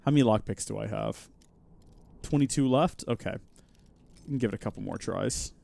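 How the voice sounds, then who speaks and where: A man hosting a live game stream, chatting, joking and reacting out loud as he plays. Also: fairly low pitch, moderate pace, vocal fry. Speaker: host.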